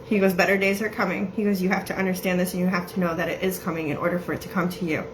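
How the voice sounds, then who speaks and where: A woman giving a casual psychic reading, chatty and laughing often as she quotes messages in quick bursts. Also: lowish voice, little pitch movement, noisy background. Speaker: psychic medium.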